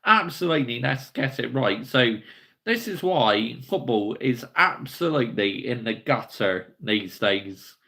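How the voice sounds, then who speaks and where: A young man rants about his club on his fan channel. His voice has a gravelly edge and a middling pitch. He talks bluntly and heatedly, swearing freely. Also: lively intonation, measured pace, bright, forceful tone. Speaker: football fan channel host. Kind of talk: ranting fan commentary.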